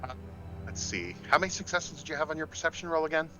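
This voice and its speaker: A man running a tabletop game as game master, describing scenes and calling for rolls in a relaxed way, with frequent pauses. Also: fairly high pitch, poor audio. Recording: faint music behind.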